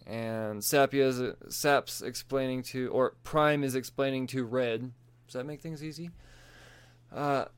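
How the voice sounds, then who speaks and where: Smooth-voiced man recapping comics. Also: mid-range voice. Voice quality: profane, laughs often. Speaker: comic book reviewer. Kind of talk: casual comic book recap.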